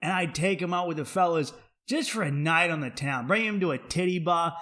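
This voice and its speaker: A man hosting a comedy podcast, ranting in a brash, profane and animated way and swearing freely. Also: on the high side, brisk. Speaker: podcast host.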